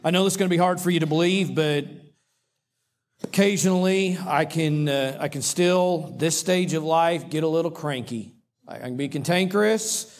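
A middle-aged male pastor preaching a sermon in a folksy, humorous way, with dramatic pauses. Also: fairly high pitch.

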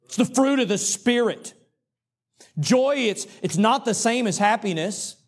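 A middle-aged male pastor preaching a sermon in a folksy, humorous way, with dramatic pauses. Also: very high voice, lively intonation.

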